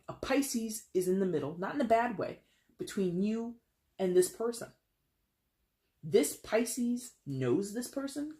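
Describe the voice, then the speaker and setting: A tarot reader giving a reading to viewers, excitable and chatty, talking straight to the listener and often repeating words. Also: mid-range voice. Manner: casual and chatty with restarts.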